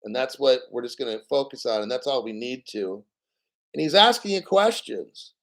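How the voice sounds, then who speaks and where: Hoarse, gravelly man ranting blunt. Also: medium pitch, lively intonation, moderate pace, fairly bright tone, low-quality recording. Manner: blunt, profane, rambling. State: hoarse, clears throat often. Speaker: livestream host. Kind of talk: casual livestream talk.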